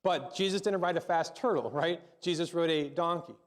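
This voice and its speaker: A middle-aged man preaches as pastor at a normal speed, his pitch fairly high. He addresses the congregation loosely and conversationally, often repeating words and asking questions.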